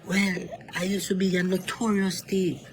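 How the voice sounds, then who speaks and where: A man's voice: high-pitched, little pitch movement, normal speed, a little hiss or hum, rough recording. A man voicing a reformed former thief serving life in prison, giving earnest advice in broken creole English. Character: reformed male thief, longtime prison inmate, calm advisor. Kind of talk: cartoon voice acting.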